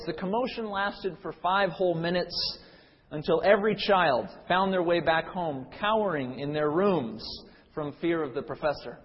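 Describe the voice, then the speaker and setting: A man's voice: fairly high pitch, moderate pace, long reverb tail, dull audio. A male pastor preaching a sermon, telling a story then teaching earnestly with frequent fillers and restarts.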